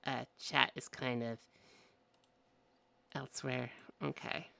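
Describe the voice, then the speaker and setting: A woman's voice: a bass voice, vocal fry. A woman streamer chatting casually and muttering at the game as she plays. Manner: relaxed, slow, playful muttering at the game. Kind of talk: casual let's-play chat.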